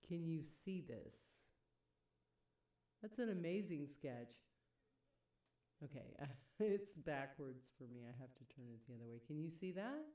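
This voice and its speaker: A woman's voice: low-pitched, expressive, unhurried, long pauses, mellow, roomy sound, distant mic. A woman chatting casually on a live stream, reading chat messages aloud and laughing often.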